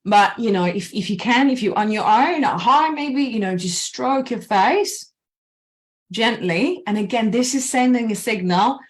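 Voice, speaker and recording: Woman, anxiety coach, casual presentation, animated, slow breathing counts. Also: on the high side. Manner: animated, acts out inner voices, slows for breathing counts.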